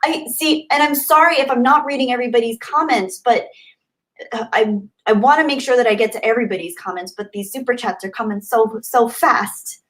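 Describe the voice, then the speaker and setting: A woman's voice: on the high side, brisk, a bit bright, low-quality recording. Gushing young woman livestreamer. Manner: gushing, emotional, many restarts and fillers. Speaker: livestream host. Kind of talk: casual livestream chat reading comments.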